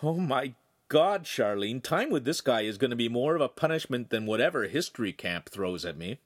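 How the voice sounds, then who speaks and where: A man's voice: medium pitch, sing-song, normal speed. A man voicing a cocky, charming seventeen-year-old boy who sounds wry and exasperated.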